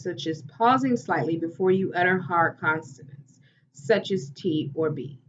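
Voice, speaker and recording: A woman theatre teacher giving a lesson in a slow, deliberate, instructive way. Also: medium pitch. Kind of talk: recorded classroom lesson. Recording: dull, distant recording with faint hiss.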